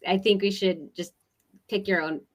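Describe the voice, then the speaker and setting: A woman chatting as a guest on a webinar over a video call, bubbly and quick to laugh. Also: mid-range voice, steady tone. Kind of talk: casual webinar chat.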